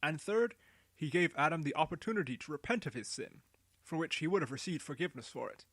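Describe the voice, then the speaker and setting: A man narrating a storybook in a measured, steady reading style. His voice sits a little higher than most men's. The recording is close and completely dry, with no room sound at all. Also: no echo.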